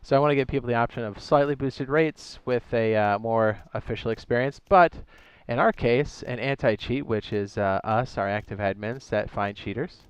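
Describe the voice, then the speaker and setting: Male streamer, mid pitch, smooth clear tone, dry close mic, easygoing chat with frequent self-corrections. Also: normal speed, few pauses, no echo, lo-fi sound. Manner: chatty, reads chat aloud, corrects himself often. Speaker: streamer and server host. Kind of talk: casual live-stream chat.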